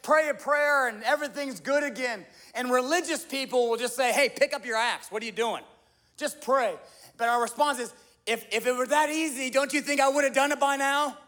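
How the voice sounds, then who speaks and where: A young male pastor delivers a sermon in a strikingly high voice. He leans on repetition and builds to fervent, ringing appeals. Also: a bit bright. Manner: rises to impassioned crying out, repeats phrases for emphasis.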